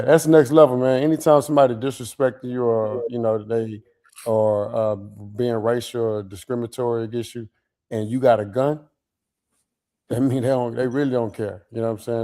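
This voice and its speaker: A man's voice: medium pitch, mellow. A man co-hosting a radio show, reading a news story aloud and commenting casually with many fillers.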